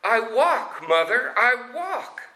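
A man doing a small crippled boy, high and earnest. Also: lively intonation, drawn-out words, bright, forceful tone, full character voice. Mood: overjoyed. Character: young poor boy on a crutch, innocent and sure.

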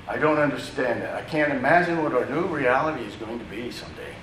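A man's voice: mid-range voice, lively intonation, fairly quick, hardly any pauses, fairly bright tone, slight background noise. A man preaching a sermon in a conversational, teaching way, with asides to the congregation. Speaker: pastor. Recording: echoey room, distant mic, faint ambience.

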